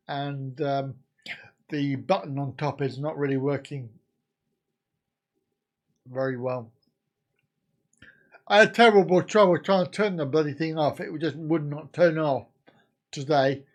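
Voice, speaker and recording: A man in his fifties from the UK, hosting a casual live stream and bantering crudely with his viewers. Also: on the high side. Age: 50s.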